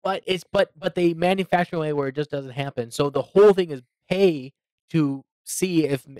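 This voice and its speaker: A man co-hosting a podcast, talking in a casual, animated way and laughing often. His voice sits a bit high. The sound is dry and close to the mic. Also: moderate pace, clean tone, no echo. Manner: animated, laughing, mimics people. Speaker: podcast co-host. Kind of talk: casual chat. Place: podcast studio.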